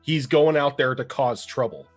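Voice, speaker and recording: A man running a tabletop roleplaying game as game master, narrating in a loose, halting way with fillers. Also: medium pitch, faint music behind.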